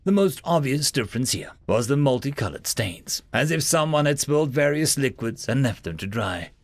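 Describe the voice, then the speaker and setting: A man narrating a science fiction story for his channel, reading with expressive, dramatic delivery. His voice has a gravelly grain and swings widely in pitch. The recording is dry and close. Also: normal speed, no echo. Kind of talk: reading Reddit sci-fi story aloud.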